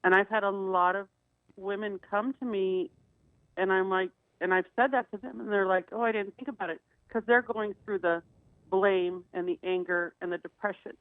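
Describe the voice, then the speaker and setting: A woman's voice: mid-range voice, fairly even intonation, normal speed, no room sound. A middle-aged woman co-hosting a radio talk show, telling personal stories in an earnest way with many restarts. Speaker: co-host. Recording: dry, phone-like radio sound.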